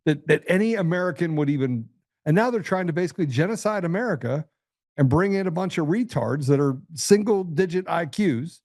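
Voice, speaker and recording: Man, talk show host, blunt, combative, stop-start phrasing, mellow dark voice, dry sound. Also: fairly high pitch, expressive, a little fast, no room sound. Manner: blunt, combative, repeats and restarts words. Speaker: podcast host. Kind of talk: casual political talk.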